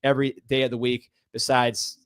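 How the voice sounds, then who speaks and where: A man's voice: mid-range voice, little pitch movement, normal speed, smooth, no room sound, clean studio sound. Joking, rambling male podcast co-host. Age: 30s or older. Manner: joking, rambling, laughs often. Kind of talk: casual sports podcast chat.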